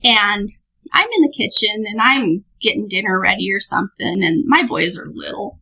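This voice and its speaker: A woman guest on a podcast, telling a story in a lively, laughing way. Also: mid-range voice, moderate pace, vocal fry, husky, poor audio. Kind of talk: casual storytelling.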